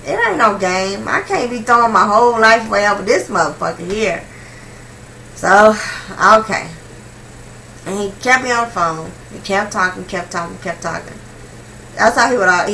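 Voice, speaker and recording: A young woman vlogger telling a personal story in a casual, slangy, animated way, swinging between hushed and loud. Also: mid-range voice, creaky, distant mic, slight background noise, rough recording.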